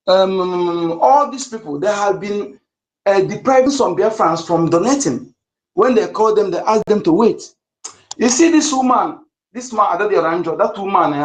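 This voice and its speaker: Give me a man with a high voice, speaking to a room online. Make it heated and insistent, stumble into restarts and fillers, and repeat the key points. The sound should be roomy and echoing. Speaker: participant in an online audio space. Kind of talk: impassioned speech to an online audience.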